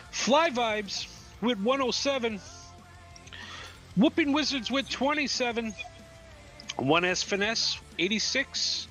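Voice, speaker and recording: High, bright male co-host. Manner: laid-back joking, reads out standings. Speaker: race co-host. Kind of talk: esports race commentary. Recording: faint music behind.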